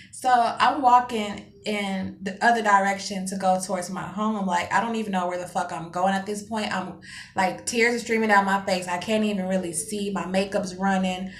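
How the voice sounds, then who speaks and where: A young woman vlogger telling a dramatic story in a casual, profane, animated way. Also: medium pitch, normal speed, reverberant, a little hiss or hum.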